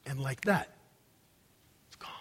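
Male pastor preaching big and dramatic, loud then hushed, long hall echo. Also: slow. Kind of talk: sermon.

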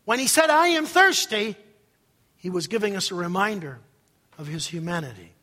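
A male pastor preaching a sermon dramatically, swinging from loud outbursts to hushed asides. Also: sits high, expressive, fairly quick, husky, long reverb tail.

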